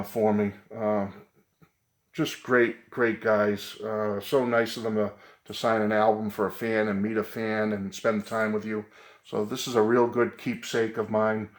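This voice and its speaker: Middle-aged guy vlogging from his music room at home, earnest, lots of ums and uhs, regular pitch, roomy echo. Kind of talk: casual tribute vlog.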